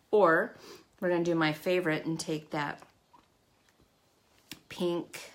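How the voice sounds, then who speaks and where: A middle-aged woman chats her way through a live makeup tutorial, greeting viewers by name and joking at her own expense. Her voice sits a little low, but her pitch swings widely and lively. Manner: chatty, self-deprecating, talks to viewers by name. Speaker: makeup livestream host.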